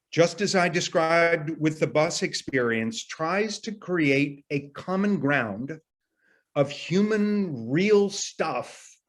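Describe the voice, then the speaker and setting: Slow-talking man leading a workshop. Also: a little high. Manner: earnest, explanatory, thinks aloud with restarts; casual phrasing with occasional mild profanity. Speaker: workshop leader. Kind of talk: teaching talk to workshop participants.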